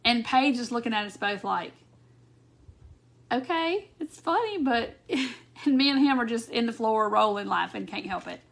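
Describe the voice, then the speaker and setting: A high-pitched woman hosts a casual live craft stream. She talks loosely to her viewers and breaks into giggles easily. The sound comes through a phone or webcam mic. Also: moderate pace, creaky, fairly bright tone. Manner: giggly, laughs often while talking. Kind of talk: casual live chat reading viewer comments.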